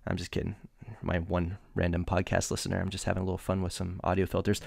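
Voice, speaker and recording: A man's voice: low-pitched, monotone, fast talker, creaky, darkish tone, breathy edge, dry recording, studio quality. A man in his thirties hosting a podcast, chatty and self-deprecating, joking between topics. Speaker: podcast host. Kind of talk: casual podcast monologue and interview.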